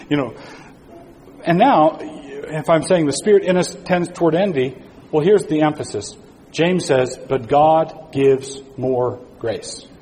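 Guy preaching to school folks, kinda mellow voice, lots of restarts, faint hiss behind. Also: on the high side. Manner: earnest, repeats phrases for emphasis, restarts often. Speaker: speaker at an educators' conference. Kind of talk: sermon-style talk. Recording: long reverb in a hall with faint noise.

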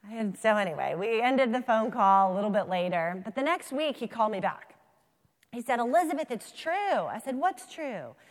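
Animated woman speaker in a reverberant hall. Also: on the high side, moderate pace. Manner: animated storyteller, acts out dialogue. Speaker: keynote speaker. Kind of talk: conference talk with storytelling.

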